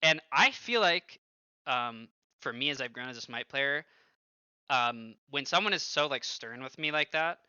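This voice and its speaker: A young man in his twenties, streaming and chatting casually, with a very sharp, bright voice. He tells stories with animation, using lots of fillers and swearing. The recording is dry and a bit dull and lo-fi. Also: mid-range voice, measured pace, clear, resonant tone, no room sound. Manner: animated storytelling, heavy use of filler like and swearing. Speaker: streamer and former pro gamer. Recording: dull lo-fi, dry close sound.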